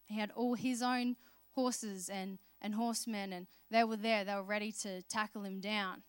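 Clear and resonant, this woman's medium-pitched voice keeps fairly even intonation at a normal speed. Her sermon tells Bible stories in a conversational way, with her acting out the characters' lines. No echo is present.

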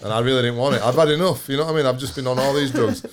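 A man's voice: mid-range voice, very fast. A man telling a blunt, sweary story in casual podcast chat.

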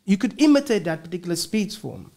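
A man's voice: high voice, animated, fast, a little mellow. A man, a linguistics professor talking as a podcast guest, explaining earnestly and restarting his words often. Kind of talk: casual interview talk.

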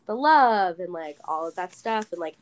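A woman's voice: lowish voice, lively intonation, moderate pace. A woman chatting casually, laughing often and filling her talk with "like". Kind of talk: casual chat.

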